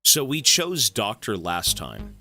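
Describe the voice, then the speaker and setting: A man's voice: lowish voice, wildly swooping pitch, takes it slowly, pushed and bright, faint music behind. A man giving casual commentary while playing a horror game, thinking aloud and swearing now and then.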